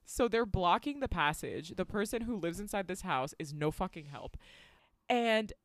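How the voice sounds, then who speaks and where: A woman's voice: medium pitch, expressive, moderate pace. Sarcastic, swearing woman podcast host. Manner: profane, sarcastic storytelling. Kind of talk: casual movie recap.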